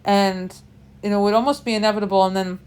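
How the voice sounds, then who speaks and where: A woman's voice: medium pitch, steady tone, fast talker, a little mellow, smooth. A young woman telling a candid, self-deprecating story in a casual vlog, talking from the cockpit of a small plane with frequent restarts. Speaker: vlogger and pilot.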